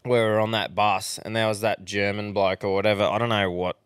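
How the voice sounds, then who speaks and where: A man's voice: fairly low pitch, level tone, a little fast, fairly bright tone, clean tone, dry recording, clean studio sound. A man co-hosting a podcast in casual, crude banter, laughing often and using slang. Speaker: podcast co-host.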